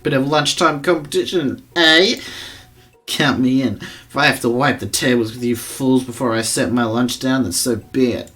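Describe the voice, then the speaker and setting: A man's voice: mid-range voice, normal speed, fairly bright tone, soft background music, close to an everyday voice. A man voicing a boastful young rival student who taunts his classmates theatrically. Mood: taunting.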